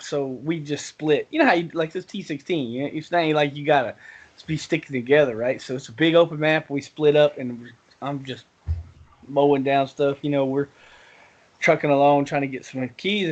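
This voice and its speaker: A man's voice: a little high, a bit bright, lo-fi sound. A man telling a rambling gaming story on a casual podcast, laughing often. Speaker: podcast co-host.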